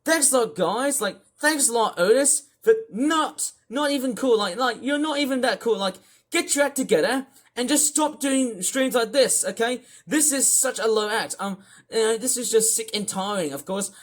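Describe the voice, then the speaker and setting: A young vlogger ranting angrily to camera, repeating themselves and swinging from slow, drawn-out complaints into shouting. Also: mid-range voice, animated. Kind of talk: angry rant to camera.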